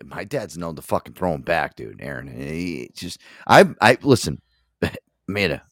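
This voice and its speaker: A man's voice: deep voice, very animated, normal speed, dry recording, clean studio sound. A man co-hosting a casual chat, stammering and swearing, stuffed and queasy after a huge meal. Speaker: co-host.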